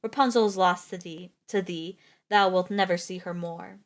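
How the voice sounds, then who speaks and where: A woman's voice: lowish voice, steady tone, normal speed, lightly acted. A woman reading aloud the lines of an angry old enchantress who scolds her ward. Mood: scolding.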